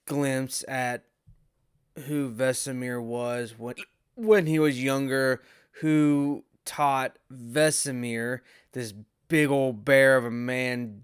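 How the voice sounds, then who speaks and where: Slow-talking man with hiccups. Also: medium pitch, clean tone, dry recording, studio quality. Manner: rambling with many restarts, hiccuping. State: has the hiccups. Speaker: video reviewer. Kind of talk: casual spoken review.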